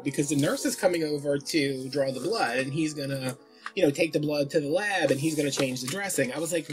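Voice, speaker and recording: A man's voice: a little high, a little fast. A man vlogging at home who tells a rambling story in a casual, chatty way, often trailing off and restarting. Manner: chatty and easily distracted, with lots of restarts. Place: home, wrapping presents. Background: Christmas music.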